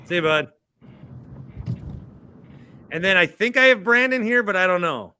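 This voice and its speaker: Male show host, higher bright voice, joking and teasing tone. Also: expressive, moderate pace, smooth, no room sound. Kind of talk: casual call-in chat.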